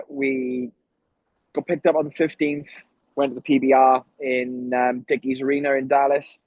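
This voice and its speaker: Welsh guy rambling thru travel stories, kinda high voice, dry close sound. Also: darkish tone, no echo, highs cut off. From Wales. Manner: rambling anecdotes with frequent ums. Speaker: guest, professional fighter. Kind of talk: casual storytelling interview.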